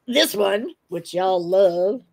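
A woman's voice: medium pitch, animated, slow pace, vocal fry. A woman in her sixties from Iowa, a talk-show guest who tells her story animatedly, acting out dialogue and laughing often. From Iowa, USA. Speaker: guest, author and crime investigator.

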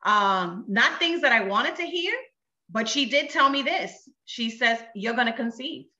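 A woman's voice: on the high side, expressive, a little slow, pushed and bright, roomy sound, lo-fi sound. A woman giving a personal testimony in conversation, telling her story with emotion and acting out what others said. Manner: earnest, emotional storytelling with quoted speech.

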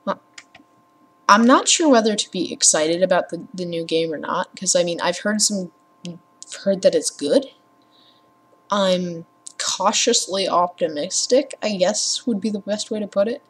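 A woman's voice: lowish voice, unhurried, breathy edge. A young woman rambling casually as a gaming vlogger at her home computer, sarcastic and prone to swearing and ranting. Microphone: computer mic with headphones.

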